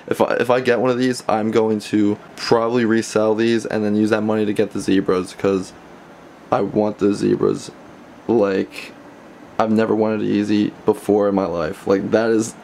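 In a messy bedroom being packed up, a young man vlogs casually to the camera, rambling, stammering, and restarting constantly. His lowish voice is a little mellow with vocal fry, and there's slight background noise.

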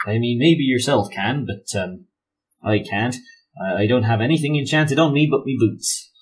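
A man's voice: mid-range voice, moderate pace, close to an everyday voice. A man playing a chatty, friendly traveller. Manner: rambling and polite, with many fillers. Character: kind, reasonable, chatty male traveller. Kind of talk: tabletop role-play in character.

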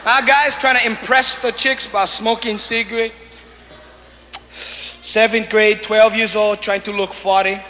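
A man's voice: high voice, flat delivery, measured pace, bright, forceful tone. A male standup comedian with a Hawaiian Pidgin accent, chatty and always checking in with the audience. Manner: chatty, keeps asking the audience "you know?". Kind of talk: standup routine. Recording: live stage recording with reverb and noise.

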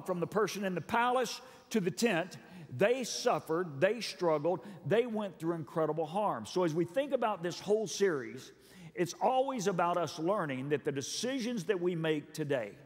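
A middle-aged male pastor preaching a sermon in a church hall, earnest and emphatic, repeating phrases for effect. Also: sits high. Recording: long reverb of a large hall.

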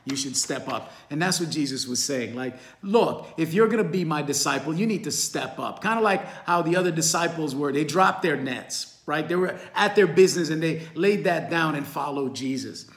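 A man's voice: fairly high pitch, animated, normal speed, few pauses, a bit bright, reverberant. A man teaching a Bible study in an earnest, encouraging way, often calling his listeners friends.

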